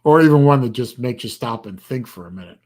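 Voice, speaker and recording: A man hosting a casual livestream chat, talking in a rambling, halting way with bursts of dry sarcasm. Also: mid-range voice, lively intonation, a little mellow. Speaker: livestream host.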